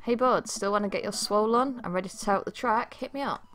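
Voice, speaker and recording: A woman's voice: mid-range voice, fast, fairly bright tone, a little hiss or hum, lightly acted. A woman reading the lines of an upbeat, friendly male gym-bro dad from a dating game, full of bro-speak.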